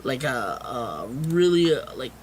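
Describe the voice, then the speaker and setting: A man co-hosting a casual podcast, excitable and quick to laugh, swearing freely as he chats about movies. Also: medium pitch, slight background noise. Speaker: podcast co-host.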